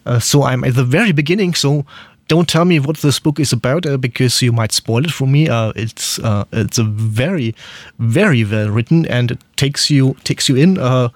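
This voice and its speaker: Halting male radio host, dry sound. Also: medium pitch, dry recording. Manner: halting, many fillers and restarts. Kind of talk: casual radio chat.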